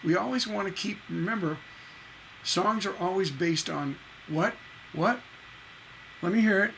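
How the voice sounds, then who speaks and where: A man with a bright, somewhat high voice teaches songwriting in a loose, chatty livestream. He repeats himself, and he sings out syllables to mark a line's rhythm. A faint hum sits under the voice. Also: unhurried, gravelly, poor audio. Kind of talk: casual livestream lesson.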